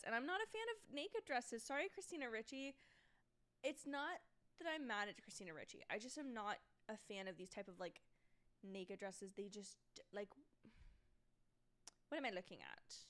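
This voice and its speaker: A woman's voice: on the high side, animated, normal speed, a bit bright. Chatty young woman hosting a livestream. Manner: chatty, self-deprecating, trailing off mid-thought. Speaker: livestream host. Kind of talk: casual live watch-along commentary. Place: at home.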